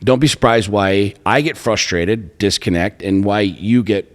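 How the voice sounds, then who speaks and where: A man's voice: on the low side, measured pace. A man co-hosting a relationship podcast, talking bluntly and emphatically with plenty of profanity. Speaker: podcast co-host. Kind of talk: casual chat. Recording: long hall reverb.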